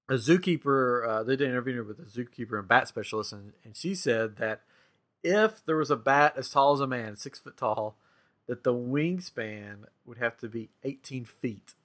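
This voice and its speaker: A man's voice: mid-range voice, fairly bright tone. A man hosting a casual podcast, telling a story with some rambling. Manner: rambling storyteller, laughs often. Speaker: podcast host. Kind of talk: casual chat.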